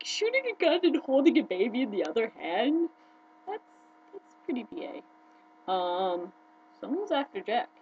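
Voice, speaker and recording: A woman chatting casually to her viewers as a video blogger, excitable, her pitch jumping up when she gets worked up. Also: lo-fi sound, slight background noise. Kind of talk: casual fan chat to camera.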